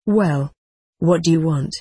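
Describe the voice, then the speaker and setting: Woman reading grumpy pompous old monk boss, lowish husky voice, dry close sound. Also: takes it slowly, warm tone, dry recording, full character voice. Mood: bellowing. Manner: scolding, blustering, then falsely sweet. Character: stern, pompous older male monk overseer.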